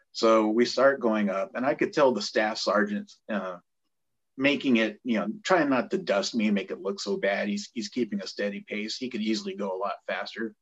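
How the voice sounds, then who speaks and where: A middle-aged man, a former corpsman, telling a story from his training in a casual, animated way, and acting out the voices of the people in it. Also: fairly low pitch, breathy edge, muffled recording. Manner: animated, acts out quoted voices. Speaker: guest, former Navy corpsman.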